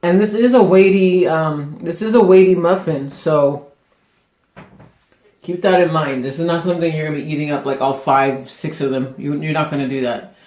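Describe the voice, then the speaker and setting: A man with a somewhat high voice hosts a casual cooking vlog from a home kitchen. He rambles and laughs as he goes. The room echoes around him. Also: fairly even intonation, moderate pace, darkish tone. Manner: chatty, rambling, laughs often. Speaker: cooking show host.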